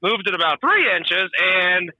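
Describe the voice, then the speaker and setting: A man's voice: high voice, very animated, a little slow, dry recording, lo-fi sound. A man in his twenties, a truck driver guest on a podcast, telling rambling stories in casual chat. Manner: storytelling, rambling with restarts.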